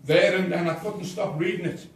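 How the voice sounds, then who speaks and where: An older man with a high voice, speaking at normal speed, shares his own story with an audience at a campaign meeting held in an inn function room. He is blunt and impassioned and plays out the dialogue, captured from afar by a camera in the audience, so the room sounds echoey.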